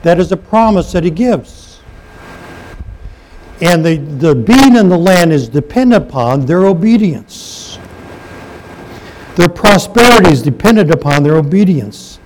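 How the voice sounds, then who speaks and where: A man's voice: on the high side, sing-song, a little slow, pauses often, a little mellow, rough recording. Man preaching, reading scripture aloud. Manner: reads scripture aloud and comments, asks the congregation questions. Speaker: pastor. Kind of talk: sermon.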